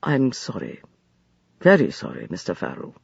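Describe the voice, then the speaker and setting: A man voicing a grave, gentle desert traveler who speaks slowly and solemnly in an audiobook. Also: low-pitched, wildly swooping pitch, vocal fry, slightly rough, no echo, dull audio, voice pushed down, exaggerated voice. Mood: apologetic. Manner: slow and solemn, soft-spoken. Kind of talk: audiobook character voice.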